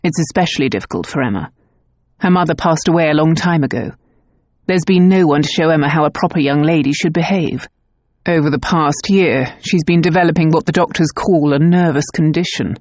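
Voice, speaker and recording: A brusque aristocratic father, guarded and blunt, firing short questions, read by a woman narrator. The voice sits a touch lower than her own, recorded dry and close. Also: a little fast, a little mellow, no echo. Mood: troubled.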